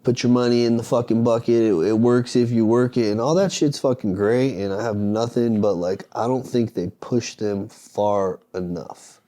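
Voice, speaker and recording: A man's voice: medium pitch, dark tone. A man speaking as a podcast guest, talking bluntly and profanely in a rambling, motivational way. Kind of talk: casual podcast conversation.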